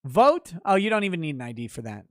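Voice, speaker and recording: A male livestream host rants in a loose, profane style, laughing between lines. His voice leaps up in sudden loud bursts, then drops back to a mutter. The sound is dry and close, with no room echo. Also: a little high, sing-song, fast talker. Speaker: livestream host reading chat. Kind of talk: casual livestream chat.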